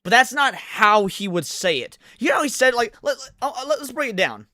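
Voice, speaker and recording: A man's voice: very high-pitched, very animated, moderate pace, bright, forceful tone, no echo, clean studio sound. Swearing ranting male streamer. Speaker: streamer reacting to a video. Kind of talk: profane reaction commentary.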